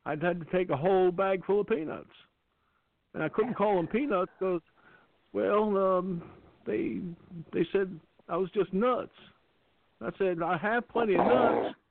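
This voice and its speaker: A man's voice: high voice, measured pace, vocal fry, dry recording, pitched above the performer's own voice. A man doing an impression of a folksy, rambling older male ex-president over a phone line.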